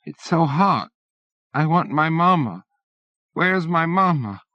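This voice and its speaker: A man's voice: on the high side, animated, takes it slowly, no room sound, voice pushed up. A man reading an audiobook, voicing a frightened little boy on a refugee boat, whining and peevish. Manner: peevish, wailing. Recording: dull lo-fi cassette.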